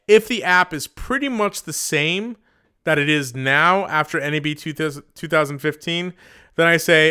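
A man with a bright, crisp voice set a little higher than most, hosting a podcast chat. He talks in a thoughtful, measured way and leans on "you know" as he works through his points. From United States. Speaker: podcast host. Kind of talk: casual podcast discussion.

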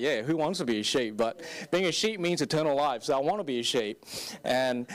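A young man preaching a sermon as pastor, candid and self-deprecating, with animated storytelling. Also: high-pitched. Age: young adult.

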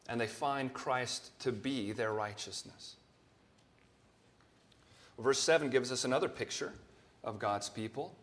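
A pastor delivering a Sunday sermon in a plain, mid-pitched male voice. He speaks earnestly and at a measured pace, lifting his voice to stress quoted scripture. The delivery sounds steady and unhurried. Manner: earnest preaching, rising in emphasis on quoted scripture.

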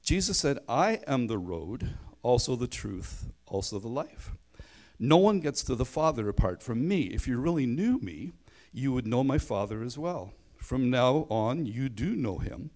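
A man's voice: mid-range voice, very animated, a little slow, a little mellow. A man preaching a sermon in a conversational way, leaning hard on key phrases and stumbling over the odd restart.

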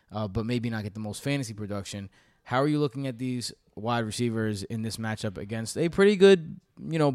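A man's voice: mid-range voice, no room sound, clean studio sound. A man hosting a fantasy football podcast, chatting casually and steering the talk with questions. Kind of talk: casual sports chat.

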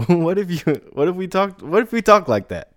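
Lively, chatty man with a dry sound. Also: high-pitched, moderate pace, no echo. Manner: conversational, says "right?" and "man" a lot, laughs often. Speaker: podcast host. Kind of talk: casual solo podcast talk.

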